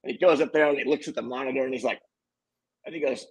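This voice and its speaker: A film director telling animated, quote-filled stories in a casual interview. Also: male voice, medium pitch, rapid-fire, slightly rough, low-quality recording. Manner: animated storyteller acting out quotes.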